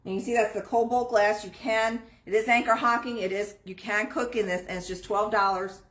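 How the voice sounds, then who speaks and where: A woman with a mid-range voice and fairly even intonation speaks at normal speed. She's hosting a live online sale from an antique shop, chatting about items and prices, in a room with noticeable echo.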